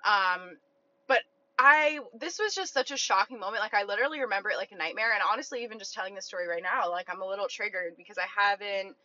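A woman's voice: mid-range voice, fast talker, bright, forceful tone. A young woman telling a personal story in a casual vlog, chatty and full of "like". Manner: chatty, heavy use of "like", quoting herself. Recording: slightly dull lo-fi sound.

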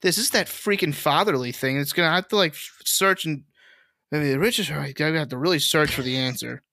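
Casual man, headline reader, bright voice, high-ish pitch, dry recording. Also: a little fast, gravelly, dry recording. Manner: reads headlines aloud, laughs often. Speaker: podcast co-host. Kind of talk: casual podcast banter.

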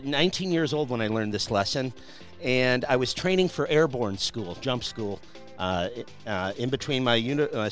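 A male radio host telling an animated personal story, with many restarts. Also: medium pitch.

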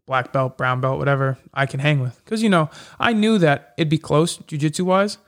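A man with a slightly higher than usual voice talks casually in an interview. He is a fighter who tells his stories fast and loosely. He fills his sentences with casual fillers. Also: steady tone. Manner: chatty, quick storytelling with many fillers. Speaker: MMA fighter.

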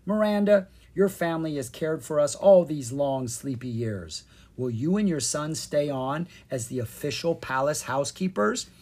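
A drowsy young princess speaks slowly and sounds bewildered, her husky voice lifting high at each question, as the storybook narrator puts her on. Her tone is sleepy and a little dazed. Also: lively intonation, darkish tone.

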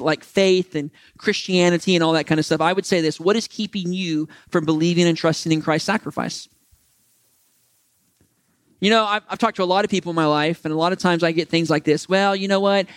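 A man preaching a sermon in a casual, conversational way, often jumping higher in pitch for animated asides. His voice sits a bit high for a man. The sound is dry, with hardly any room echo. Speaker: pastor. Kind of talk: sermon with closing prayer.

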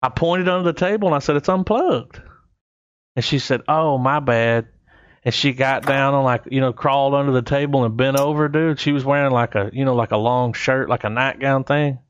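A man's voice: medium pitch, fairly even intonation, quick pace, few pauses, smooth, dry recording, lo-fi sound. A man telling a crude story in casual chat, rambling and quoting people as he goes.

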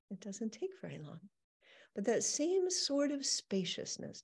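A middle-aged woman speaks as a healing coach in a gentle, reflective teaching talk. Her voice is mellow and relaxed. She often slips into soft, playful inner dialogue. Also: medium pitch, creaky. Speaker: healing coach, podcast host.

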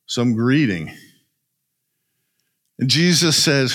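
A man preaching a sermon, retelling a story in an animated way and often asking "right?". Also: a little high, measured pace. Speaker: pastor.

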